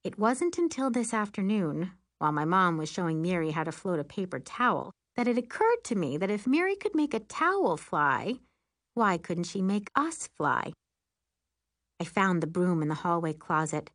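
A woman narrating a first-person audiobook in a lively, wry, expressive way. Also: fairly low pitch, normal speed, dry recording, clean studio sound.

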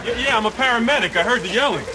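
A slacking paramedic who talks in a brisk, offhand way in a fairly high voice. A loud studio audience and heavy noise fill the TV soundtrack. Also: male voice, animated, a crowd in the background. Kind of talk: sitcom acting. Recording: studio audience laughter, noisy TV audio.

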